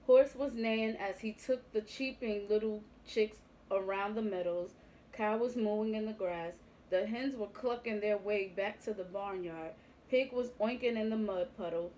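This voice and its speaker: A young woman reading a picture book aloud to young children, clear and expressive with the animal sounds. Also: medium pitch, unhurried, slight background noise, low-quality recording. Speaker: youth club reader.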